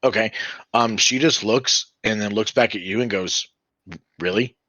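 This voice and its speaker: Man, game master, rambling narration, low voice, bright tone, close dry sound. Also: moderate pace, no room sound. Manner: rambling, many fillers.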